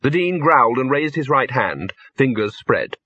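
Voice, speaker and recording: A man's voice: medium pitch, normal speed, husky, no room sound. A man narrating an audiobook expressively, on a slightly dull recording. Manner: expressive, lively. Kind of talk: audiobook narration with character voices.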